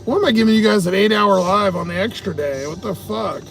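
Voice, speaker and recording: A man with a high, gravelly voice tells stories on a casual live stream. He swears freely and laughs through his own tales. Faint music plays behind him. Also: a little fast. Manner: profane, laughing, animated. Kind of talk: casual livestream storytelling.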